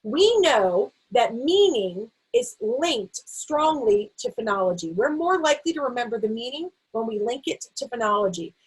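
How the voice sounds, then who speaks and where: Middle-aged woman teacher, husky, a bit high, careful vocabulary lesson to camera. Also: big pitch swings, rough recording. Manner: slow, stretched-out word repetition. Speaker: literacy teacher.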